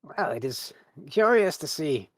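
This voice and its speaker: A man's voice: fairly high pitch, sing-song, unhurried, dry recording, studio quality, voice pushed up. A man voicing a stately older woman who leads zealots, gracious and commanding.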